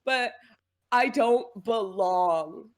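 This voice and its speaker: A woman co-hosting a casual podcast chat, relaxed and reflective, with frequent "like" and soft laughs. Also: a little high, drawn-out words. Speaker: podcast co-host.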